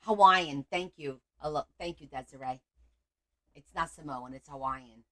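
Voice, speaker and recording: A woman's voice: sits low, moderate pace. A middle-aged woman hosting a casual craft livestream from home on her phone, chatty and teasing as she greets viewers by name.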